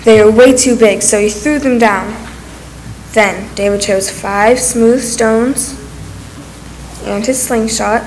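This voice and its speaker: A woman's voice: on the high side, steady tone, takes it slowly, long pauses, darkish tone, slight background noise, poor audio. Woman reading a children's Bible story.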